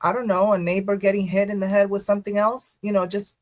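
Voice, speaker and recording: A woman in a casual interview, a first responder and poet who tells her stories with quick asides and frequent laughter. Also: mid-range voice, little pitch movement, a little mellow, dry recording. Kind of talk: casual podcast interview talk.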